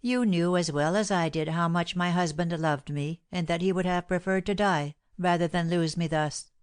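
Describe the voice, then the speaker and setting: A woman's voice: fairly low pitch, normal speed, clear, resonant tone, lightly acted. Woman reading as a cold, scheming young wife. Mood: contemptuous. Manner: cold, insistent, contemptuous.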